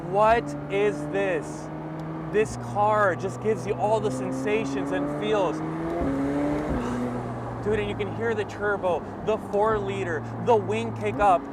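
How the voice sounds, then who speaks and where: Excited man vlogging from a roaring car. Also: sits high. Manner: exclaiming, emotional, swears. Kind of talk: excited driving vlog. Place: open-top sports car on a city freeway. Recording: loud road and engine noise. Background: traffic and engine noise.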